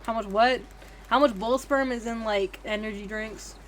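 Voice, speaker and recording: A young woman livestreaming a game, her voice sitting a little high. She rambles to her viewers in a loose, giggly way and swears freely. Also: steady tone, normal speed, slight background noise. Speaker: game streamer. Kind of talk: casual livestream chat.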